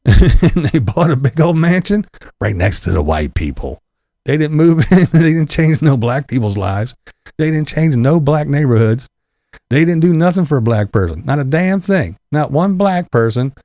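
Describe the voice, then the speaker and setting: Male vlogger, fairly high-pitched, animated, profane and sarcastic ranter. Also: no room sound, studio quality. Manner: mocking mimicry of others. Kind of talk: angry political rant.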